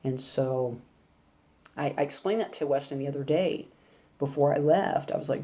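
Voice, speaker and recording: A woman's voice: deep voice, moderate pace, dark tone. An older woman vlogging, telling a rambling, chatty story in a casual way. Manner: rambling, chatty, with laughs and asides.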